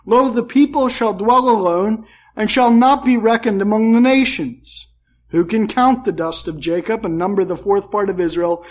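Folksy high-voiced male preacher. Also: unhurried. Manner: folksy, humorous asides, storytelling. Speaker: pastor. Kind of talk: sermon, expository Bible teaching.

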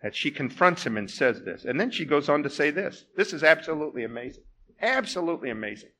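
Male preacher, fairly high voice with a wide, animated range. He is emphatic and asks rhetorical questions. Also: fast talker. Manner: emphatic, swings from loud exclamations to hushed tones. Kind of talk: sermon.

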